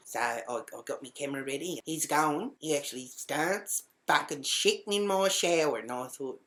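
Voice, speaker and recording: A woman telling a crude personal story in casual monologue, swearing freely and shouting out the lines she quotes. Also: very deep voice, normal speed, few pauses.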